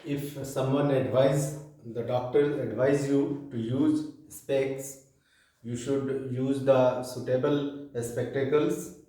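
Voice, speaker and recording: A man with an Indian English accent teaching a class lecture, reading slowly from a textbook with pauses and fillers. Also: medium pitch, fairly even intonation, warm tone. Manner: slow, reads aloud from a textbook with pauses and fillers. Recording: echoey room from far off.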